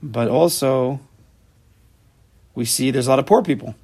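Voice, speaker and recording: A man teaching a religious study class, explaining quickly and mixing in Hebrew terms. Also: medium pitch, a little mellow.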